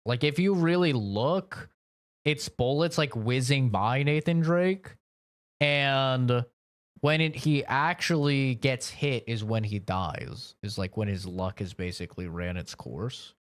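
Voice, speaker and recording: A man's voice: medium pitch, slow pace. A young man streaming a game, rambling casually with lots of swearing and filler words. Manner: laid-back, profane, rambling with frequent "like" and laughs. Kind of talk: casual gaming commentary.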